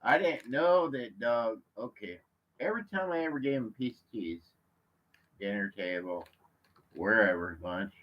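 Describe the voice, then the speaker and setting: A man from California on a live vlog, chatting from his chair at home in a slow, rambling way, full of fillers and restarts. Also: on the low side, fairly bright tone, a little hiss or hum. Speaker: vlogger. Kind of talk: rambling live-stream chat. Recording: slightly muffled lo-fi audio.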